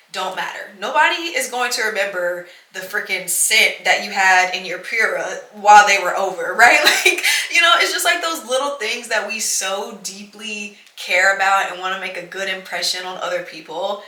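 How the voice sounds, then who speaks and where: A woman's voice: medium pitch, moderate pace, few pauses, sharp tone. A young woman hosting a podcast, talking in an earnest, reassuring way full of "like" and "you know". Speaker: podcast host. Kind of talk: casual heartfelt monologue. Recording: echoey room.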